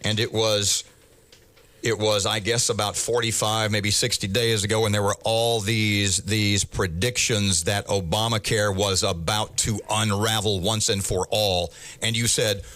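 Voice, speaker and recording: A man hosting a talk radio show, brisk and bantering as he questions a guest. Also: fairly low pitch, steady tone, fairly bright tone. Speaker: radio morning show host.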